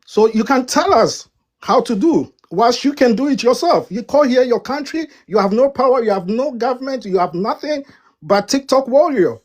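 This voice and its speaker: A woman's voice: a little high, lively intonation, moderate pace, darkish tone. Defiant African-accented woman debater. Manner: defiant, stammering restarts, repeats "listen" and "right". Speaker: debate panelist. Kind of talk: heated live debate.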